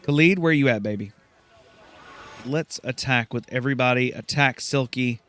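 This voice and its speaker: A young man hosting a let's play, casually thinking aloud and reacting excitably. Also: mid-range voice, moderate pace, a little hiss or hum. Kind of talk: gameplay commentary.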